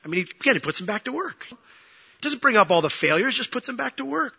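A man preaching a sermon, animated, swinging between loud bursts and hushed asides while acting out the quoted voices. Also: very high voice, fast, creaky, slightly rough. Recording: dull lo-fi sound.

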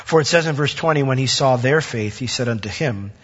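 A man's voice: medium pitch, brisk, slightly rough. A man giving a conversational sermon, retelling scripture and acting out the people in it. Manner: conversational storytelling, acting out characters with a raised voice. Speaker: preacher. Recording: dull sound with long hall reverb.

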